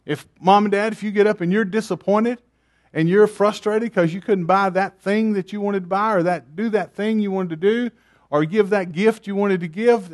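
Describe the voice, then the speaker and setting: High-voiced emphatic male preacher. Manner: emphatic, repetitive, rhetorical questions to the congregation. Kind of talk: sermon.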